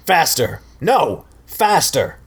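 A man voicing a gruff, hot-tempered male karate sensei who barks orders and swears in a storybook reading. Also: lowish voice, unhurried. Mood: shouting. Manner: barking, profane, growling.

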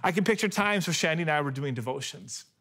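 A man in his thirties delivers a sermon in an earnest, personal way. His voice sits fairly high for a man. He moves between hushed, tender passages and emphatic, rising ones. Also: animated, fast talker. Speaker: pastor.

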